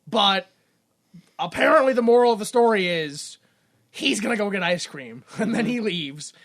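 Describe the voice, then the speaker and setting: A woman's voice: medium pitch, expressive, normal speed. A woman co-hosting a podcast, casually recapping a film and acting out the characters' lines with plenty of laughter. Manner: rambling, acts out characters' lines, laughs a lot. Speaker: podcast co-host. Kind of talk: casual movie recap chat.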